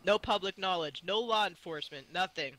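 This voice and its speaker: A man's voice: high-pitched, fairly quick, a bit bright, low-quality recording. A man playing a blunt, pushy female detective gun mage who lays down the rules in a tabletop game. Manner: blunt, no-nonsense.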